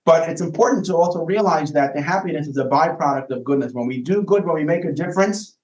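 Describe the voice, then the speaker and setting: A man's voice: fairly high pitch, fast talker, darkish tone. Man speaking in an echoey room. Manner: thoughtful, repeats words while searching for phrasing. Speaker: rabbi, podcast guest. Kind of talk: casual explanatory conversation.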